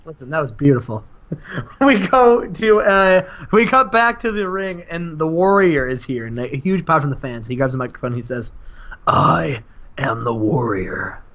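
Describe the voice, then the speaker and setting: Animated, bright-voiced storyteller on a lo-fi mic. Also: male voice, high-pitched, moderate pace. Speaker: guest co-host. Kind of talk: casual narration of a wrestling sim game.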